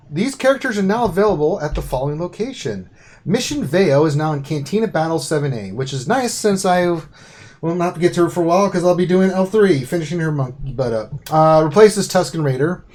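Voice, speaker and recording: A man with a slightly higher voice co-hosts a casual gaming live stream. He runs through game update notes item by item and breaks off now and then for jokey asides. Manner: reads patch notes aloud, then jokes and asides.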